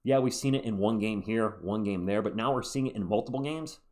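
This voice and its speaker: A man hosting a sports channel, talking through basketball opinions in a chatty, animated way with quick asides. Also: fairly low pitch. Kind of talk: solo sports commentary video.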